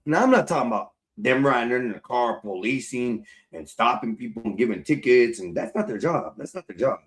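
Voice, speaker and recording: With a mid-range voice, lively intonation and a brisk pace, a livestreamer chats casually from home, fixing his hair on camera. He's loose, profane and rambling, talking to his viewers as y'all.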